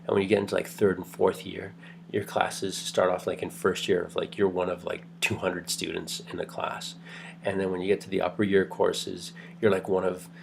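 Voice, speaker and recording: A man's voice: deep voice, gravelly, slight background noise. A middle-aged man giving a casual university lecture, telling anecdotes in a rambling way with many restarts. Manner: rambling, restarts, lots of fillers.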